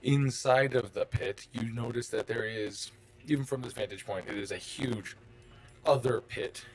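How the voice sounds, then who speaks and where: A man's voice: medium pitch, a little slow, soft background music. A man running a tabletop game, describing the scene in a rambling, casual way with lots of fillers. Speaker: game master.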